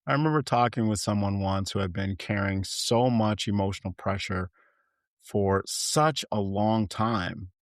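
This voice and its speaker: Male life-coach podcast host, low-pitched, earnest and gentle, dry close sound. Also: fairly even intonation, unhurried, dry recording. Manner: earnest, gentle and reflective, rising with emphasis when listing. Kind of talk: reflective solo podcast monologue.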